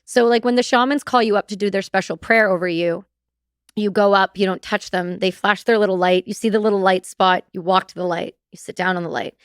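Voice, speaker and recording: Lively, smooth-voiced woman telling stories. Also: medium pitch, brisk, no echo, studio quality. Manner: animated, laughing, swears freely. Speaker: podcast guest. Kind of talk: casual storytelling.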